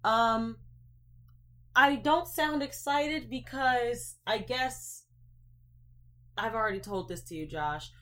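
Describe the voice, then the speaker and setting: A woman's voice: fairly high pitch, pushed and bright. Woman hosting a chill podcast, talks her opinions through casually, lots of "like". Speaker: podcast host.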